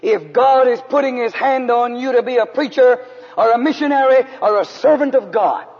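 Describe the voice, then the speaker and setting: A man from San Antonio, Texas, preaching a storytelling sermon in an earnest way, sometimes dropping to a hush. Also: very high voice, moderate pace. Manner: earnest narrative preaching, drops to hushed tones for emphasis. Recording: dull, echoey hall recording.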